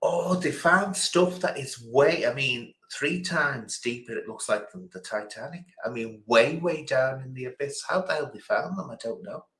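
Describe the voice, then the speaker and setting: A man's voice: medium pitch, animated, moderate pace, hardly any pauses, fairly bright tone, echoey room. A man hosting a casual quiz stream, chatting and rambling between questions. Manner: chatty, rambling, chuckling asides. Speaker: quiz host.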